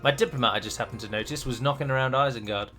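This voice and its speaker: Man, let's play host, bright forceful tone, rambling commentary, dramatic flourishes. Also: mid-range voice, very fast, faint music behind. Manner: chatty, rambling, with frequent restarts and dramatic flourishes. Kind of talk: game commentary.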